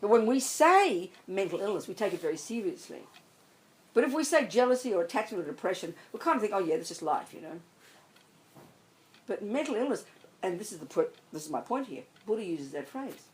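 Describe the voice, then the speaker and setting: A woman's voice: mid-range voice, big pitch swings, brisk, low-quality recording. A woman, a Buddhist nun, giving an emphatic, blunt dharma talk to a group. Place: meditation centre hall.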